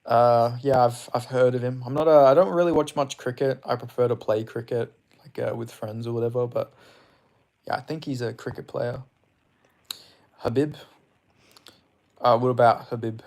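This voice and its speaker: A man's voice: medium pitch, fairly even intonation, moderate pace, pauses often, darkish tone. Casual young Australian male streamer, slight English tinge, loose rambling delivery with offhand swearing. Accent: Australian, somewhat mixed with English. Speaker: MMA livestream host. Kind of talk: casual livestream chat answering viewers.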